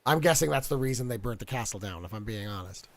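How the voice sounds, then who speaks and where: A man's voice: mid-range voice, expressive, fast, dry recording. A man performing an improvised comedy scene, talking in a hesitant, chatty way full of fillers and repeats.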